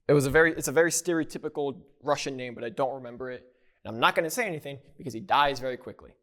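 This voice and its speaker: A man's voice: mid-range voice, racing, fairly bright tone. A man casually recapping video game lore, rambling and joking as he corrects himself along the way. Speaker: YouTuber.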